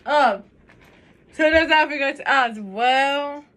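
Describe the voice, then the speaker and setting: Very high-voiced giggly woman vlogger. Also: slow pace, far from the mic. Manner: giggly, excitable, keeps saying "you guys". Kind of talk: casual phone vlog. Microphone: phone set down nearby.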